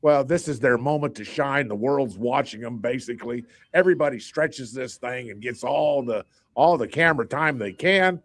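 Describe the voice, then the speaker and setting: A man's voice: mid-range voice, normal speed, few pauses, no room sound. A man on a sports radio panel, telling his picks at length with emphatic, rambling restarts. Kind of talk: casual radio sports chat.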